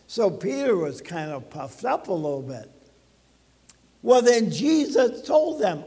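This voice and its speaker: In a church sanctuary with a long reverb tail, a male pastor preaches to his congregation in a conversational style, posing questions to them. His high voice swings widely in pitch, and he speaks slowly.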